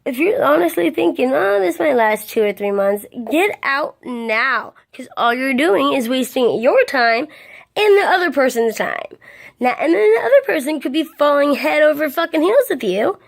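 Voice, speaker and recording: A woman in her twenties rants straight to camera, blunt and full of swearing. Her voice sits a little high with a gravelly fry running through it. She sounds worn out and keeps yawning between points. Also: animated, moderate pace. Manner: blunt and profane, venting with heavy swearing. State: tired, yawning. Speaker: vlogger. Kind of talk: ranting vlog monologue.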